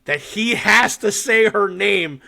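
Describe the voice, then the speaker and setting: Speaking slowly with vocal fry in a high voice, a podcast co-host gives a lively, casual rundown of a horror short, cursing often and laughing throughout.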